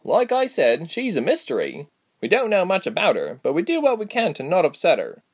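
A man's voice: high voice, wildly swooping pitch, brisk, breathy edge, pitched above the performer's own voice, full character voice. A man voicing an easygoing young village man who speaks plainly, in a storybook reading. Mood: matter-of-fact. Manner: plain, shrugging speech.

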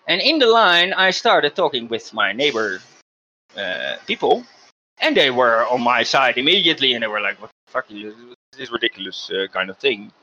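A man's voice: a little high, sharp tone, muffled recording, a little hiss or hum. A man hosting a podcast, telling a story in a casual, emphatic way with frequent restarts. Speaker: podcast host.

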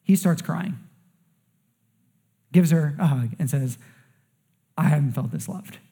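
A man with a high voice preaches a sermon to his congregation. He tells stories with rising energy. He keeps checking in with the room. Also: slow pace, creaky, husky. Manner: storytelling with rising excitement and frequent "okay?" asides. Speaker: pastor. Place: church service.

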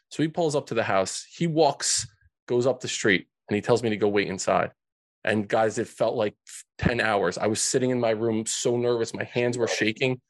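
This podcast guest, fairly low in pitch and at a moderate pace, tells an emotional story about a painful childhood. He speaks earnestly, often starting sentences over, in a dry recording.

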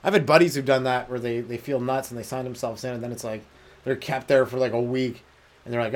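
A man's voice: mid-range voice, fairly even intonation, fast talker. A young man hosting a comedy podcast alone, rambling through crude jokes and laughing at his own lines. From Canada. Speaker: stand-up comedian podcast host. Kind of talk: solo comedic rant.

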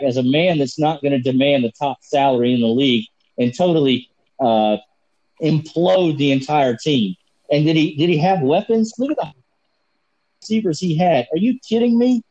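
A man's voice: fairly high pitch, mellow, dull audio. A man co-hosting a podcast, ranting passionately and profanely in a heated sports debate. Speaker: podcast co-host.

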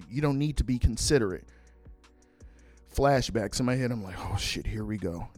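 A man's voice: mid-range voice, no room sound. Casual, swearing male podcast storyteller. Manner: animated, swears freely, acts out quoted lines. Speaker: podcast host.

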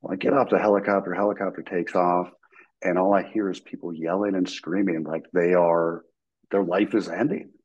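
A man with a deep, husky voice tells a story with lively energy, acting out the people in it. He is a guest talking casually about his time in the military, and the sound is slightly dull. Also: normal speed. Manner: animated, acts out quoted voices, laughs while telling.

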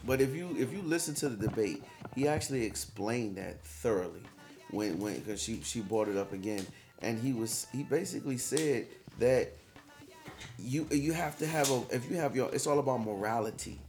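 Man chiming in with quick reactions. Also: medium pitch, lively intonation, darkish tone, soft background music. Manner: quick interjections and agreeing reactions. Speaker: podcast co-host. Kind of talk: casual chat.

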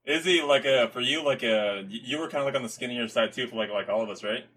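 A young man hosting a podcast, talking in halting, filler-heavy casual chat and laughing along. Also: medium pitch, fairly bright tone. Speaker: podcast host.

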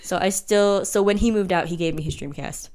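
A woman's voice: mid-range voice, a little fast. A young woman co-hosting a podcast, chatting casually and telling stories with laughs and acted-out voices. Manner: animated storyteller, laughs often, acts out voices. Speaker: podcast co-host. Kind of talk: casual chat.

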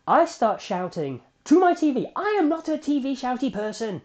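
A man hosting a solo fan podcast, recapping a TV episode in an excitable, animated storytelling way with frequent restarts. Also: extremely high pitch, normal speed, few pauses, dull audio. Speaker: podcast host.

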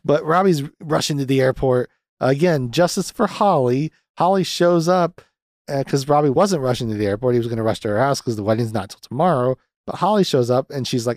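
A young male podcaster reviews a film, tossing out casual, sarcastic commentary with plenty of swearing and filler. His medium-pitched voice is animated, a touch fast and a little mellow, and the clean studio audio has no room sound.

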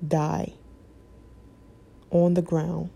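A woman speaking in an emotional personal vlog, halting and impassioned, close to tears. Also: deep voice, flat delivery, creaky, mellow, a little hiss or hum. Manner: halting, impassioned, breaking off mid-sentence.

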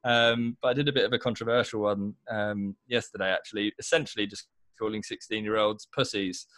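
A man's voice: fairly low pitch, steady tone, brisk, fairly bright tone, no echo. A young man, a podcast guest, chatting casually with lots of likes and you-knows. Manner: chatty, says like and you know a lot. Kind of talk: casual chat.

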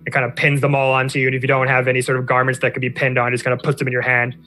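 A man's voice: mid-range voice, monotone, racing, pushed and bright, soft background music. A man as game master, narrating a tabletop game in loose, meandering fashion.

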